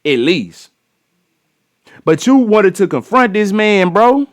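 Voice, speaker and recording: A man with a high, very animated voice speaks slowly, giving casual reaction commentary on a news clip. He's blunt, slangy and profane, scolding the people involved and restarting his phrases as he goes.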